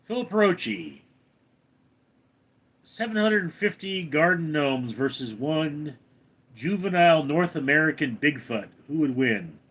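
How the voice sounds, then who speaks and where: Husky man chatting on a live stream. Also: expressive, unhurried. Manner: reads viewer names out loud, then answers in a lower voice. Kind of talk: casual live-stream chat reading comments.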